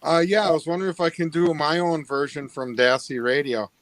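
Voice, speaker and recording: A man's voice: on the high side, steady tone, a little fast, a crowd in the background. A man joining a casual live video chat as a guest, speaking in an easygoing way with small fillers. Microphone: video call.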